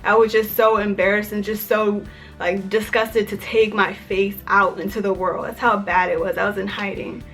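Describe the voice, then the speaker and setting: A young adult woman from Maryland tells a personal story in a casual vlog, her medium-pitched voice level and at normal speed. She's chatty and fills her speech with frequent "like," while soft music plays faintly underneath.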